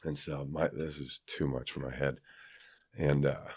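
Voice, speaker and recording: A man's voice: very deep voice, flat delivery, a little slow, slightly rough, no echo, clean studio sound. A man from Kansas, a podcast guest, telling a personal story in a rambling, casual way with many fillers and restarts.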